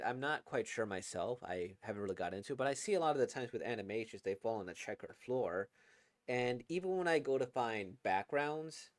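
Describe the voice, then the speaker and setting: A man giving casual, rambling commentary on a game, with laughing asides. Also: lowish voice. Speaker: game reaction host.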